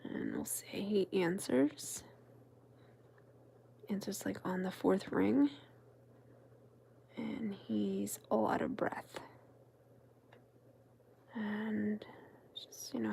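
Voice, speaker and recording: Slow, gravelly whispering woman. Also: mid-range voice, a little hiss or hum. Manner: soft, meandering, chatty whisper. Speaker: crafting channel host. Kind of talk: whispered storytelling while crafting.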